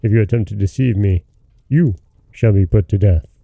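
A man voicing a suspicious, quick-tempered old king in a fairy tale reading, with a gravelly, very dark voice. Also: fairly low pitch, no echo. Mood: furious. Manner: stern, demanding questions.

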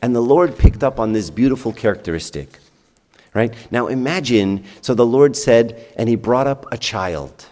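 A man's voice: mid-range voice, expressive, normal speed, a little mellow, long reverb tail. A man preaching a homily as a priest, chatting with the congregation through rhetorical questions and acted-out dialogue. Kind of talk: sermon. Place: church.

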